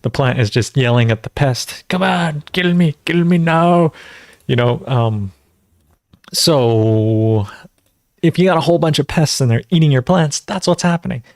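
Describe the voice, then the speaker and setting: A man's voice: mid-range voice, vocal fry, a little mellow, no room sound, clean studio sound. A man hosting a casual livestream Q&A, rambling and conversational, full of fillers as he teaches natural farming.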